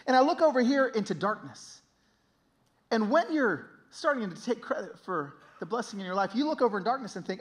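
A man in his thirties giving an emotional sermon testimony, swinging from hushed to loud. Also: sits high, very animated, quick pace.

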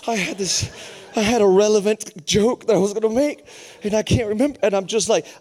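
High-voiced animated young preacher man. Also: brisk. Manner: animated, acts out voices of others. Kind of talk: storytelling sermon.

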